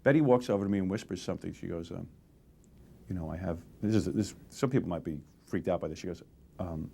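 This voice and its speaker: A man in his forties in a candid interview, telling lively stories and acting out the exchanges he quotes. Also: deep voice, quick pace, gravelly, breathy edge. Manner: animated storytelling, acts out quoted exchanges. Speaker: interview guest, radio host.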